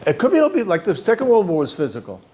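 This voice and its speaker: An older rabbi teaches a class in a slightly raised voice, stumbling and repeating words before pushing his point home. A faint hum of noise sits behind him. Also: sits high. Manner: halting, repeats words often, animated when stressing points. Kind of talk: informal Torah class talk.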